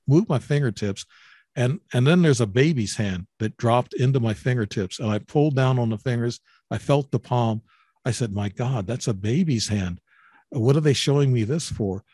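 A man in his seventies from Illinois, a guest on an interview, telling his own story in a halting way with many repeated words and restarts. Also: mid-range voice, darkish tone, no room sound, clean studio sound. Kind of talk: interview, personal account.

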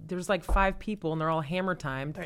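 A woman's voice: fairly low pitch, fairly quick, a bit bright, smooth. A woman co-hosting a podcast, talking in an emphatic, profane and enthusiastic way. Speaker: podcast co-host. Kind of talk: casual chat.

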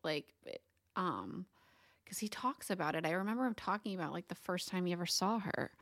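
A woman co-hosting a book podcast, retelling chapters in a casual, animated way and laughing often. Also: lowish voice, brisk, gravelly, no room sound, clean studio sound.

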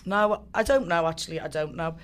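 Her voice is lowish and her delivery brisk. As a guest fighter, she tells an animated, casual story, cursing freely and performing other people's lines.

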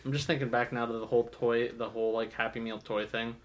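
Guy rambling on a podcast in a comic shop, says like a lot, mid-pitched voice. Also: little pitch movement, fast talker, slight background noise. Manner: rambling, full of "like" and restarts. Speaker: podcast co-host. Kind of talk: casual chat.

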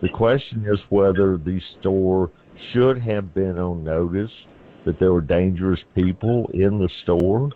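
A man with a Southern accent explains legal questions in plain, folksy terms as a call-in radio guest. His voice sits very low. It comes through a thin, tinny phone line. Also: measured pace. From Tennessee. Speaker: constitutional lawyer, call-in guest.

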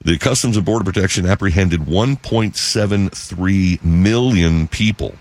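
A deep-voiced man hosts a talk radio show, giving an emphatic news monologue. He slows down whenever he wants to stress figures.

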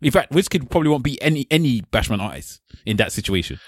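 A man co-hosting a casual podcast, jokey and quick to put on dramatic voices. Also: mid-range voice, very animated, no room sound, studio quality. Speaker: podcast co-host.

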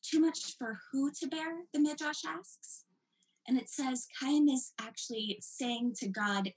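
A woman's voice: sits high, takes it slowly, low-quality recording. A woman giving a lecture as a teacher, reading passages aloud and stressing key words with dramatic emphasis. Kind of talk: recorded lecture.

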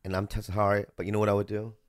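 Male podcast host, lowish voice, crude and excitable, dry studio sound. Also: rapid-fire, no room sound. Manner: crude, excitable, rambling with lots of swearing. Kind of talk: casual chat.

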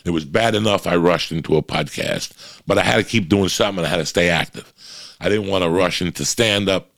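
A man's voice: deep voice, brisk, gravelly, fairly bright tone, no room sound, studio quality. A man hosting a podcast, chatting casually and bluntly, swearing freely and talking straight to his listeners. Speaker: podcast host. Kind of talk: casual chat.

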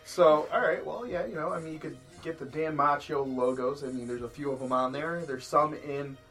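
A man hosting a casual podcast chat, swearing freely and laughing as he tells animated stories. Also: on the high side, normal speed, faint music behind, some chatter behind. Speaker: podcast host.

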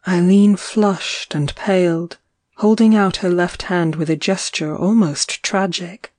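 A woman narrating a story in a measured, lyrical reading. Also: on the low side, darkish tone, no room sound. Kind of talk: audiobook narration.

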